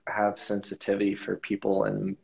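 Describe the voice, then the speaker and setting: A man from the United States, a guest in an interview, telling a personal story in a reflective, halting way with many fillers. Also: fairly low pitch, monotone, gravelly. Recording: dull lo-fi sound.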